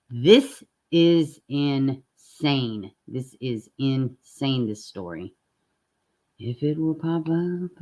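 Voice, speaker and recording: A woman hosting a casual true-crime live stream, talking bluntly and chattily straight to her viewers and swearing now and then. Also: deep voice.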